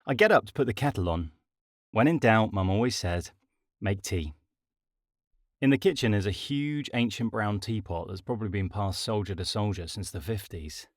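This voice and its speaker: Wry male audiobook narrator, low voice. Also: animated, fairly quick, no echo, studio quality. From Britain. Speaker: author and narrator.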